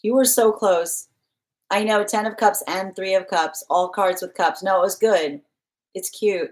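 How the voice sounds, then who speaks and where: A woman's voice: medium pitch, measured pace, rough recording. A woman hosting a live-stream tarot reading, chatty and affectionate, greeting viewers by name and rambling with fillers as she reads the cards. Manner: chatty, warm-hearted, reads comments aloud. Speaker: tarot reader.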